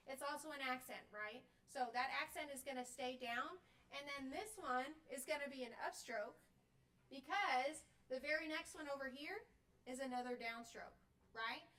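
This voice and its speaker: A woman with a high, bright voice leads a live workshop demonstration in a room. She explains step by step and keeps asking "okay?" and "right?". The mic sits some distance away from her. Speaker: clinician teaching band directors.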